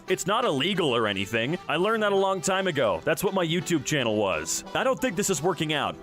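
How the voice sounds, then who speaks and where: Male comedy commentator, high and very animated, sarcastic. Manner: sarcastic, animated reactions with bursts of laughter. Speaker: YouTube commentator.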